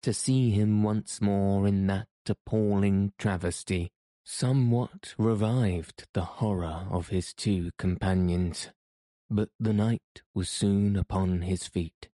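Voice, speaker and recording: Slow, low-voiced male narrator. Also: no room sound, studio quality. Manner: measured, even storytelling. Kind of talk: audiobook narration.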